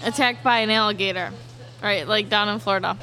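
A woman's voice: mid-range voice, steady tone, fairly quick, bright, forceful tone. A woman chatting and telling a joke among friends, giggly and full of likes.

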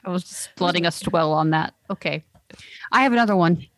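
A woman's voice: on the low side, brisk, a bit bright, dry recording, clean studio sound. A woman co-hosting a podcast, chatting casually with fillers and laughs as she reads listener mail. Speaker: podcast co-host. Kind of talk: casual chat.

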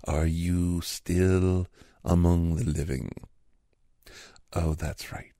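A man doing a satirical character monologue in a sarcastic, mock-cheerful, rambling way with hushed asides. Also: low-pitched, level tone, extremely slow, vocal fry, dry recording, studio quality.

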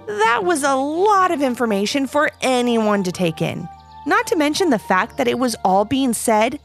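A woman's voice: fairly high pitch, big pitch swings, moderate pace, gravelly, faint music behind. A woman co-narrating a children's story with playful, chatty asides.

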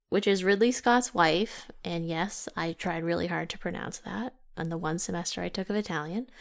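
A woman's voice: mid-range voice, creaky. A woman co-hosting a casual podcast, chatty and sarcastic, often breaking into laughter. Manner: sarcastic, teasing. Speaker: podcast co-host.

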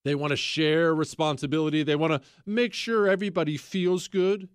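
A man's voice: on the high side, steady tone, fairly quick, clean tone, no room sound, clean studio sound. A man hosting a talk show, rambling in a casual, sarcastic way and breaking into laughter. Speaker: radio talk show host. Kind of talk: casual talk radio monologue.

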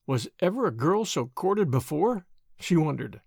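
A man narrating a classic novel in a measured storytelling manner. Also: a little high, very animated, gravelly, husky, no room sound, studio quality. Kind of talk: audiobook narration.

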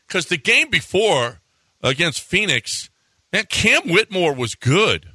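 Bright-voiced man co-hosting sports talk. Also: fairly high pitch, no echo. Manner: quick, needling questions. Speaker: sports radio co-host.

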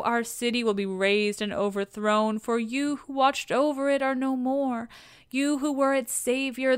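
A woman's voice: fairly high pitch, smooth, dry recording, clean studio sound, close to an everyday voice. A woman voicing a young widowed princess lamenting her husband, in a storybook reading. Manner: wailing, lamenting.

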